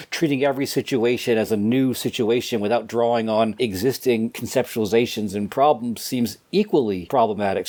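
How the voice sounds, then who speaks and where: A man on a philosophy podcast thinks out loud in an easy, reflective way. He pokes fun at his own habits of speech. His voice sits in an ordinary middle pitch. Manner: reflective, self-deprecating, chuckles at himself. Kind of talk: casual philosophical discussion.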